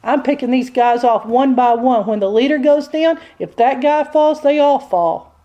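A woman's voice: sits high, moderate pace, warm tone, dull audio, close to an everyday voice. A woman voicing an insistent male devil who accuses a man before God like a prosecutor in a sermon. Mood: gloating.

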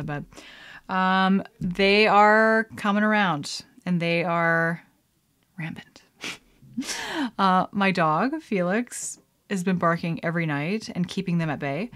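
A woman's voice: lowish voice, fairly bright tone. A woman hosting her own podcast, chatting casually and rambling with many fillers and laughs. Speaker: podcast host. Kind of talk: casual solo podcast chat.

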